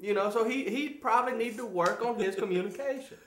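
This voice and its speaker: A man's voice: sits high, brisk, a bit bright, roomy sound, slight background noise. A man co-hosting a casual talk show, telling stories in an easygoing way. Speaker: co-host. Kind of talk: casual chat.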